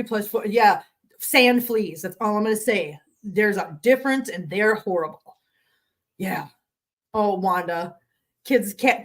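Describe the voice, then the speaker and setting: Chatty woman hosting a live stream. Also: on the high side. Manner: chatty, laughs often, talks straight to viewers. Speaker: host of a cat live stream. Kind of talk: casual live-stream chat, reading and answering chat. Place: home studio.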